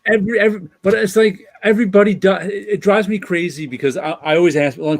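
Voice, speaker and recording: A man, a comic artist and co-host, chatting casually on a live show, animated and tripping over his words when worked up. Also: high voice, quick pace, few pauses.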